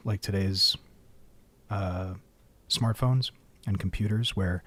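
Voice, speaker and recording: A man's voice: deep voice, normal speed, slightly rough, no echo. A man streaming a game, rambling wryly to fill dead air into a studio microphone. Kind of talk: casual livestream chat. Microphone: studio mic.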